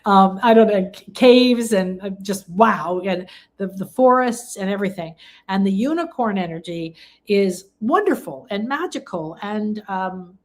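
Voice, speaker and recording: A woman from England leads a casual live spiritual talk at a middle pitch. She speaks in an effusive, gushing way and often restarts her sentences. Now and then she breaks into excited exclamations. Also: a little slow. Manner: rambling, with frequent restarts and fillers. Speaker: spiritual teacher and live-stream host.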